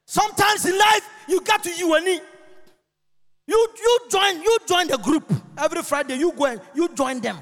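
High, bright-voiced preacher shouting in a hall. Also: male voice, expressive, normal speed. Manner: shouts and chants, sings phrases, mimics people. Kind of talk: lively sermon with shouting. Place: church. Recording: long reverb of a church hall.

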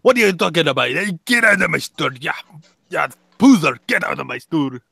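A man voicing a greedy, pushy alien junk dealer who haggles gruffly. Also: a little high, lively intonation, brisk, bright, forceful tone, no echo, heavily acted. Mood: shooing.

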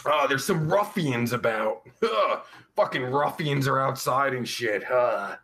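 A man's voice: medium pitch, animated, measured pace, sharp tone. A man playing a crude, vulgar livestream host who rambles profanely while reading out chat. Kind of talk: live chat comedy stream.

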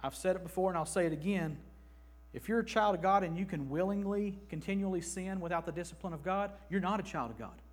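A man in his thirties preaching an emphatic, animated sermon in a church, slipping into mock voices. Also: sits high, fast. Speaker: pastor.

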